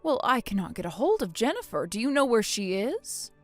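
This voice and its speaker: A woman voicing a calm, shrewd grandmother who soothes a child and needles her son-in-law. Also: fairly high pitch, brisk, faint music behind. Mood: icy.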